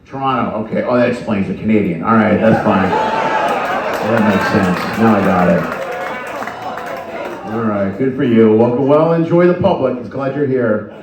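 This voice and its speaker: A man on stage doing stand-up crowd work, teasing audience members with quick jabs. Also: lowish voice. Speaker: stand-up comedian. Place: stage in front of a live audience. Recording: live show with roomy echo and crowd noise.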